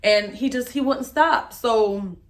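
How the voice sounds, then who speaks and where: A young woman, emotionally recounting a personal story to the camera in a candid, halting way and speaking straight to her viewers. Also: on the high side. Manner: candid, halting, speaks to viewers as "y'all", voice rises when reliving moments. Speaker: vlogger telling her story.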